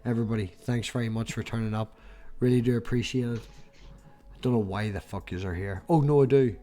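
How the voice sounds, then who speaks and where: A man's voice: mid-range voice, fairly even intonation, fairly quick, mellow, soft background music. A man with an Irish accent hosting a casual online chat, swearing and joking with his guests over a call. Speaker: podcast host.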